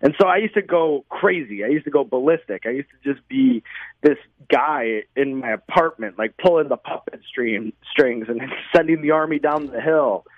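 A man's voice: on the high side, expressive, normal speed, no echo. A man telling stories in a casual interview chat, rambling with lots of likes and you-knows. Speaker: podcast guest, show host. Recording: dry, phone-like audio.

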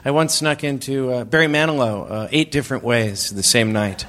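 A man guest speaking plainly and matter-of-factly, pausing often with fillers. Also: medium pitch, a bit bright. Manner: matter-of-fact, halting, many uh fillers. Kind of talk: live audience Q&A chat.

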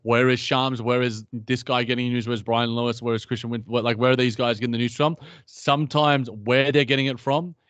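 An Australian man co-hosting a sports podcast, chatty and rambling with plenty of restarts. His voice sits at an ordinary pitch. The recording sounds dull and lo-fi, dry with no room sound. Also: level tone, fairly quick, few pauses, a bit bright, no room sound. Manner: chatty, many restarts and asides. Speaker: podcast co-host. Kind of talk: casual sports podcast chat.

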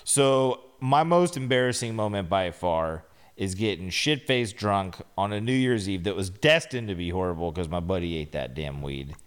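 Smooth-voiced, joking male co-host. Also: low-pitched, animated, normal speed. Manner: frank, joking storyteller who likes to provoke. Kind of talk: casual podcast chat.

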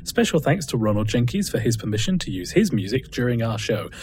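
A man's voice: medium pitch, big pitch swings, a little fast, darkish tone, a little hiss or hum. A man co-hosting a podcast, reading the outro and teasing his co-hosts in casual chat. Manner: joking, teasing. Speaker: podcast co-host.

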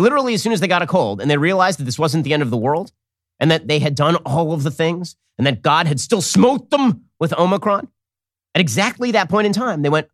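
A man's voice: a little high, dry recording, clean studio sound. Sarcastic combative male commentator. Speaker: political commentator host. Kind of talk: political commentary monologue.

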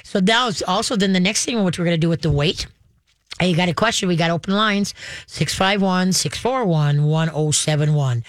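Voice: medium pitch, fairly quick, no echo. A radio host and dog trainer giving step-by-step call-in advice in a chatty way, acting out dog and owner voices.

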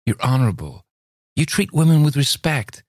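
A man with a low voice playing an eager young American woman who pleads her love in a raised, emotional voice. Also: very animated, moderate pace, a little mellow, no room sound, studio quality. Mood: pleading. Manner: breathless, imploring, emotional.

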